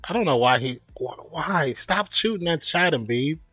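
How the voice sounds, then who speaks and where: A man with a fairly high voice calls a basketball game play by play for his stream, casual and opinionated. He jokes and laughs at his own remarks between plays. Faint music sits under a dry, close recording. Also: animated, moderate pace, fairly bright tone, no echo. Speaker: streamer giving play-by-play at a live watch party. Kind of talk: casual fan play-by-play commentary.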